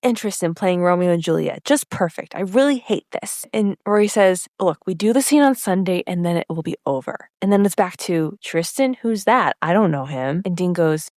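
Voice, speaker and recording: Animated woman retelling scenes, dry sound. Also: lowish voice, normal speed, hardly any pauses, dry recording. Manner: animated, acts out characters' lines with laughs. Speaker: podcast co-host. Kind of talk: casual recap chat.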